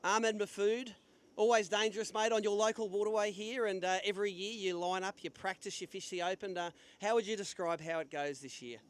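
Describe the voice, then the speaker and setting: A man's voice: high voice, fairly even intonation, fairly quick, smooth. A man hosting a live fishing weigh-in, chatty and upbeat with jokey banter. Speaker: tournament weigh-in host. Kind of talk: live event hosting and quick interviews. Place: outdoor weigh-in stage at a sailing club.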